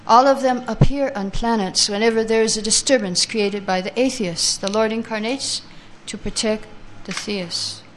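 A woman leads a scripture class, chanting verses slowly before reading their translations, explaining them, and taking answers from her listeners. Her pitch is fairly high, and there's a little hiss or hum in the recording.

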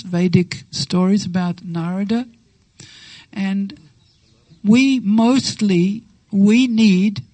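A woman giving a devotional talk, telling a sacred story with lively acted-out quotes and slow, reverent phrasing. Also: medium pitch, no room sound, rough recording. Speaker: devotional speaker.

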